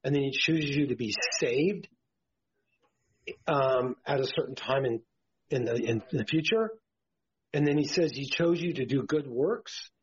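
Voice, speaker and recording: A man's voice: medium pitch, a little slow, pauses often, breathy edge. A tired man co-hosting a Christian podcast, rambling and stammering as he preaches in casual talk. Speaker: podcast co-host. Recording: dull lo-fi podcast audio.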